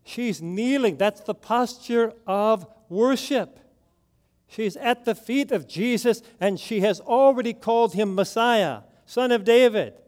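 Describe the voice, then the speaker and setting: Speaking in a strikingly high, slightly mellow voice, a male preacher unfolds his sermon's story with drama and a slow pace that lets every phrase sink in. He keeps posing rhetorical questions to the congregation.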